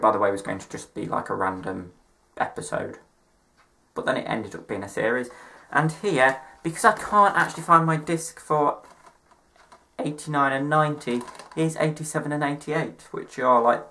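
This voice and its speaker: A young man talks casually to camera, rambling through his topic and tossing in self-mocking asides. His voice is bright and forward, sitting at an ordinary middle pitch for a man. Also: slight background noise. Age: young adult. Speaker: vlogger.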